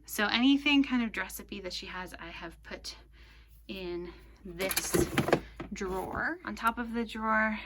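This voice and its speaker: A young woman, pregnant and out of breath, giving a chatty, breathy walkthrough of a child's bedroom. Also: medium pitch, very noisy. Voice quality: breathy, half-whispered at times. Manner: chatty, explaining as she goes. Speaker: vlogger. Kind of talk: casual room-tour walkthrough.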